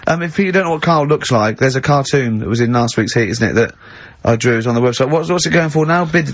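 A man's voice: mid-range voice, fast talker, no room sound. A man hosting a radio show, laughing a lot and telling anecdotes in casual studio banter. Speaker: radio host. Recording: dull lo-fi radio recording.

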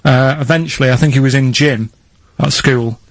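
A man on a comedy radio show, telling a story in a plain, halting way with many pauses and fillers. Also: mid-range voice, steady tone, no echo. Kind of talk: casual radio chat.

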